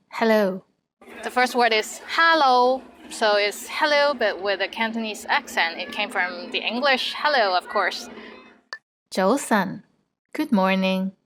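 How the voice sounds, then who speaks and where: A woman's voice: fairly high pitch, fairly bright tone, a little hiss or hum. A woman hosting a language video lesson. She is bubbly and draws out her example words. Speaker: language teacher host.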